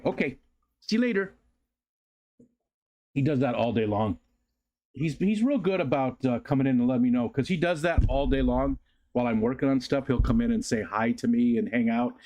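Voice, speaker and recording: A man talking casually on a livestream from his house. He rambles in an easygoing way, leans on fillers, and sits at a middle pitch. It sounds like relaxed, unscripted chat with his viewers. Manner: rises to a high sing-song baby voice when talking to his dog. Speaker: livestream host. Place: home room.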